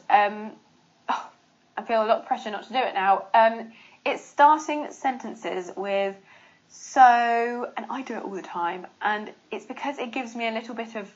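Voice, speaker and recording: A young woman with a British accent, giving a casual English lesson to camera in a chatty, expressive way. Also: on the high side, dull audio. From Britain. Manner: chatty and expressive, quick laughs, playful mock examples. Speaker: English teacher.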